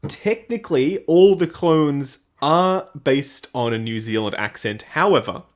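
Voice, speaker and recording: A man's voice: on the high side, lively intonation, unhurried. A man co-hosting a casual livestream, chatting with enthusiasm and reading out viewer comments. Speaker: livestream co-host.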